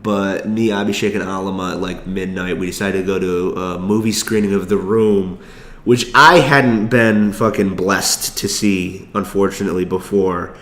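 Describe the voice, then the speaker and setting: A man's voice: low-pitched, steady tone, fairly bright tone, roomy sound. A young man telling a rambling story in casual chat, swearing freely and restarting his sentences. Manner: rambling, profane, quick asides and restarts. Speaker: vlogger.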